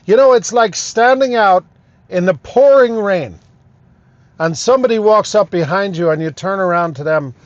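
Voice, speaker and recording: A man's voice: sits high, expressive, moderate pace, no echo, lo-fi sound. A man talking to camera from his own car, indignant and emphatic, repeating himself for effect. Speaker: vlogger.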